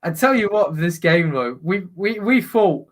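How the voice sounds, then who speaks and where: A man with a slightly high voice, speaking a little slowly, hosts a live football watch-along and chats with viewers between plays. When the action heats up, he bursts into loud, excited commentary.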